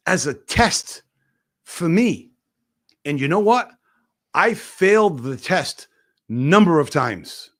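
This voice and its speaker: A man in his fifties, a guest on a casual podcast, telling personal stories with big swings in his voice. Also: medium pitch. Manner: animated storytelling, voice rising and dropping sharply.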